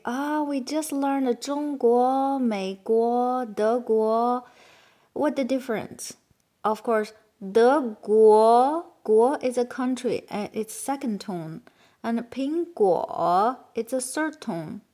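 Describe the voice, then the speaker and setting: Slow, high-pitched Chinese-accented woman teacher. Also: darkish tone. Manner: patient, spells out sounds slowly, simple broken English. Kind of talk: beginner language lesson.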